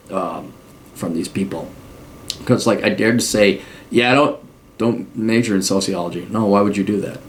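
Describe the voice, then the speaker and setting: A middle-aged man hosting an advice podcast, talking bluntly and sarcastically and acting out mock quotes. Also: lowish voice. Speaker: podcast host giving advice. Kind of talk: casual advice monologue.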